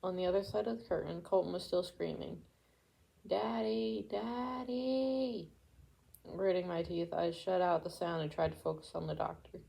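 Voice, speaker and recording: Woman, book reading, low pitch, gravelly, mellow dark tone, occasional stumbles. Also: little pitch movement, fast, few pauses, low-quality recording. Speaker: audiobook reader. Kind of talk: amateur book reading aloud.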